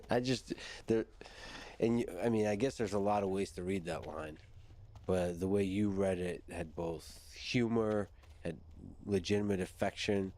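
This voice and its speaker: A man's voice: lowish voice, steady tone, a little slow, darkish tone. A man interviewing a guest, asking thoughtful questions while searching for his words.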